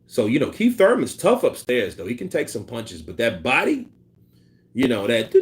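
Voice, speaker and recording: A man talking boxing on a casual live stream, his pitch swinging up and down as he goes. He swears freely and laughs often, reacting loosely to viewers' comments. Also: huge pitch swings, normal speed. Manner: loose and profane, with bursts of laughter; imitates punch sounds and quotes people in put-on voices. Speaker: boxing commentary host reading live chat.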